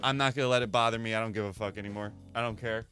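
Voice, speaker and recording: A man's voice: lowish voice, very fast, soft background music. A man chatting casually on a live stream from his home desk, rambling, swearing and poking fun at himself, into a desk mic. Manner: animated, rambling, swears, self-deprecating. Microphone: desk microphone through a mixer.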